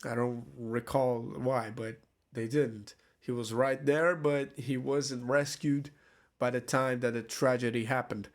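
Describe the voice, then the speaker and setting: A man's voice: medium pitch, steady tone, measured pace. A man telling a story to camera in a casual, rambling way, swearing often, laughing at himself and restarting his sentences. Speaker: vlogger.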